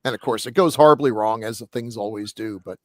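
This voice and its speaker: A man's voice: fairly low pitch, fairly quick, no room sound. Dry-sounding man arguing movie points. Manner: expansive, argues points at length. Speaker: podcast co-host. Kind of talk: casual film review chat.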